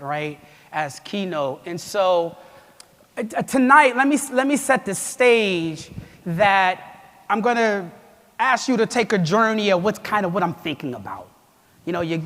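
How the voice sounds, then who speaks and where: A man in his thirties giving an energetic keynote speech, animated and chatty, joking at his own expense and calling out to the audience. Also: sits high. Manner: animated, chatty, self-deprecating, with audience call-outs. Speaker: keynote speaker. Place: large event hall. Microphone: lapel mic. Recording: long hall reverb.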